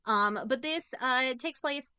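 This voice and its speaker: Woman podcaster, bright clear voice, dry close mic, snarky and jokey. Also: sits high, takes it slowly, no echo. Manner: sarcastic, jokey, acts out characters' lines. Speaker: podcast co-host. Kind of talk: casual movie recap chat.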